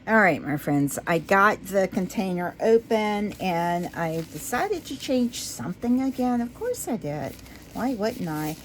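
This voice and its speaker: A woman chatting casually to her viewers as she works on a craft project. She talks to herself while she works and drifts into low, quiet talk when she concentrates. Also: big pitch swings, measured pace, slight background noise. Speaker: resin craft vlogger.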